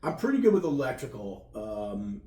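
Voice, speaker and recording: A man's voice: lowish voice, very animated, normal speed, mellow. A man co-hosting a podcast in casual banter, crude and rambling, often restarting sentences. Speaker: podcast co-host. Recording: roomy sound, distant mic.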